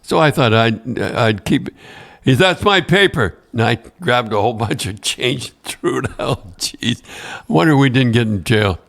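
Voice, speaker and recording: An older man spins loose, stop-start stories in casual conversation. He keeps restarting his sentences and breaks into chuckles. His voice sits at an ordinary middle pitch. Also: vocal fry. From Canada. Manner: rambling, halting storyteller who laughs often and repeats words. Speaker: co-host telling stories. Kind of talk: casual podcast chat.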